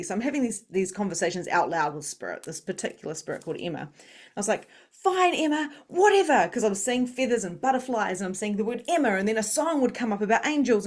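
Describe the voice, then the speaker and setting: A middle-aged woman, an interview guest, tells her story in an animated way, acting out the voices she quotes and laughing often. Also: mid-range voice. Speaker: psychic medium and coach, interview guest.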